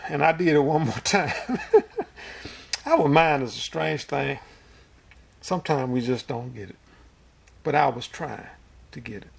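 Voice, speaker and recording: A man's voice: medium pitch, measured pace, gravelly, pauses often, husky. A man preaching a sermon in a folksy, storytelling way, with homespun asides.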